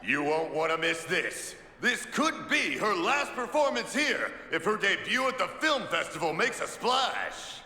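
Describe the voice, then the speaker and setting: A flamboyant nightclub announcer who stretches out every line. His high, very bright voice swoops widely and lingers slowly. It rings through a long, echoey hall. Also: very animated, a little hiss or hum, exaggerated voice. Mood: showy. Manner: showy, drawn-out announcing.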